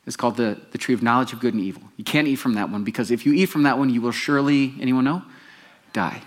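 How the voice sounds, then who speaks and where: A male pastor with a medium-pitched voice preaches quickly, telling the story with animation. He puts questions to the congregation as he goes.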